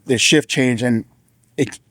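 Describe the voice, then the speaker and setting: A man shares a personal testimony in a plain, middle-pitched voice, telling it casually with frequent restarts. He bumps his pitch up when he quotes others. The sound is dry and close, with little room echo. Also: takes it slowly, a bit bright. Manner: earnest, casual storytelling with many restarts. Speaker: former sheriff's deputy sharing testimony.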